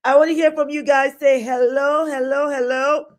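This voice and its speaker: Woman, middle-aged, live-stream host, casual chat, slightly high voice. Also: steady tone, normal speed. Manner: chatty, greets viewers by name, laughs often.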